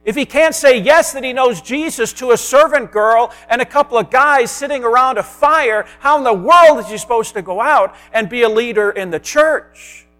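A man preaching a sermon as a pastor, earnest, sometimes dropping to a soft hush. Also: extremely high pitch, moderate pace, few pauses.

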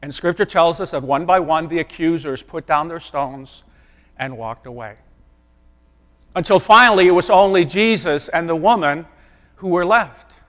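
A man with a notably high voice preaches a sermon, speaking earnestly and conversationally rather than thundering. He often softens into quiet asides. His words ring out with the long, lingering reverb of a large sanctuary. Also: normal speed. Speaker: pastor.

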